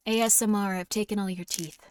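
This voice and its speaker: A woman streamer voicing a menacing ASMR woman who hoards stolen teeth, in a whispered role-play, low, slow and teasing. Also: fairly even intonation, a little mellow, smooth, lightly acted. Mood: teasing menace.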